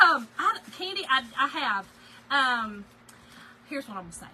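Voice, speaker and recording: A woman's voice: sits high, big pitch swings, normal speed, bright, forceful tone, slight background noise, rough recording. A middle-aged woman, chatting casually and laughing with live viewers while she crafts. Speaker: craft livestream host.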